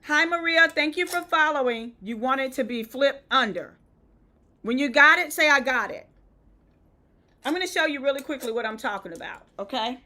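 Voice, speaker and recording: A woman's voice: high voice, animated, brisk, sharp tone. A woman with a Southern US accent giving a step-by-step live-stream tutorial, often checking in with viewers. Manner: step-by-step instructive, checks in with "okay?". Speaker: event decor host. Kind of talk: live-stream how-to demo.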